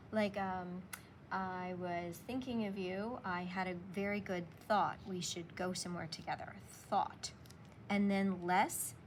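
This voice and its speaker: A woman teacher giving a slow, patient spelling lesson, sounding out words for young students. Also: on the low side, slight background noise.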